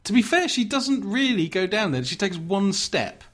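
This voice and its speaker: A man's voice: high voice, lively intonation, normal speed, a bit bright. A man co-hosting a podcast, chatting about horror films and laughing often. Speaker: podcast co-host. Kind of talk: casual horror film discussion.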